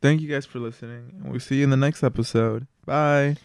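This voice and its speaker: Teen boy, podcast co-host, relaxed casual delivery, dry close sound. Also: medium pitch, fairly quick, vocal fry, clean tone, no echo. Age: teens. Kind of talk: casual chat, podcast sign-off.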